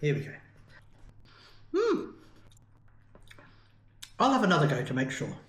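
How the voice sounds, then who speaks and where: Uk guy gushing over food on a vlog, a bit high, roomy echo. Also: wildly swooping pitch, unhurried. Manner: enthusiastic, chatty, savouring the food. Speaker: food vlogger. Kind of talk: casual food review vlog.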